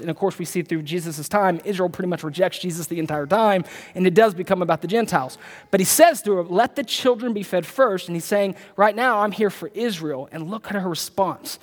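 A man preaching a sermon, emphatic, repeating his key points and slowing down to read scripture aloud. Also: high voice. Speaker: pastor. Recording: long hall reverb.

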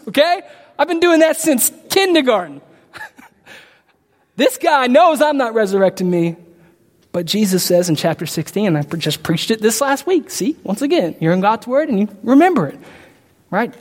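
A male pastor delivers a sermon with a high-pitched voice, repeating his points with rising emphasis. He swings between quiet, low stretches and loud peaks. A long reverb from a big church hall trails his words.

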